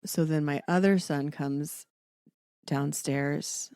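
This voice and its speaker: Speaking slowly in a low, clear, resonant voice, a middle-aged woman recounts a family story on the podcast she co-hosts. She's animated in the casual chat, performing the voices of the family members she quotes, and the recording is dry and studio quality.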